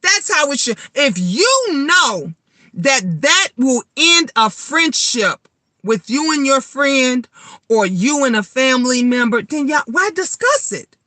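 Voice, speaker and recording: A middle-aged woman, vlogging in a blunt, animated monologue full of swearing. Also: sits high, slow, no room sound. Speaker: vlogger and tarot reader. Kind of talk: casual vlog monologue.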